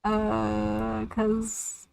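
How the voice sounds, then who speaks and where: A woman's voice: mid-range voice, monotone, very slow, creaky, a little mellow, clean tone. Chatty young woman streaming a game. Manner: chatty, self-deprecating, laughs often. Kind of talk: casual livestream chat while gaming.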